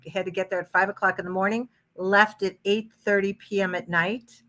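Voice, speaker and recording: A woman's voice: mid-range voice, fairly even intonation, a little fast, bright, forceful tone. A woman guest telling stories in a casual podcast chat, chatty and enthusiastic about her hypnosis work.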